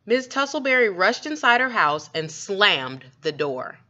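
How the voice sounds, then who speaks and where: A woman reading a children's story aloud with expressive, lively storytelling. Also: medium pitch, unhurried. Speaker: storybook reader. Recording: dull lo-fi recording.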